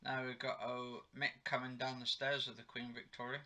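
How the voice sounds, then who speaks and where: Bright, chatty man recapping at home. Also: mid-range voice, level tone, normal speed. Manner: rambling, chatty, self-correcting. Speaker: TV episode reviewer. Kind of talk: casual home recap vlog. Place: home living room.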